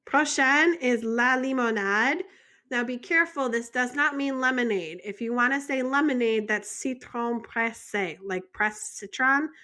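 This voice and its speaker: An American woman runs a vocabulary lesson as a French teacher, chatty and full of small jokes and questions to the viewer. Her voice sits a little high and sounds bright and clear. She speaks slowly and carefully. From United States.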